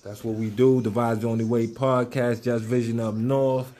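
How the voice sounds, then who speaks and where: Laid-back man with a mellow voice. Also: mid-range voice, little pitch movement, normal speed. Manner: loose, profane street talk with many fillers. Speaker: podcast host. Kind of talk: casual podcast chat.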